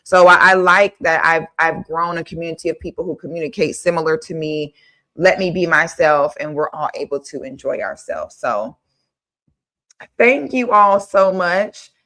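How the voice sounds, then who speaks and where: A woman's voice: sits low, normal speed, pushed and bright. A young woman hosting a casual livestream, blunt and outspoken, thanking viewers by name. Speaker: livestream host.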